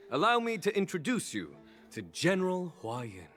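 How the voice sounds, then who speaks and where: A genial game general. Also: male voice, high voice, a bit bright, heavily acted. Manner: cordial, chuckles often. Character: friendly male general, warm and courteous. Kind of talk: game voice acting.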